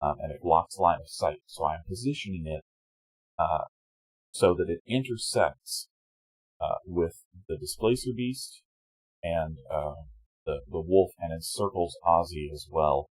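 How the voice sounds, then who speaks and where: A man playing a tabletop game, explaining his spell in a halting way with many fillers. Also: sits low, lively intonation, husky, no room sound, rough recording.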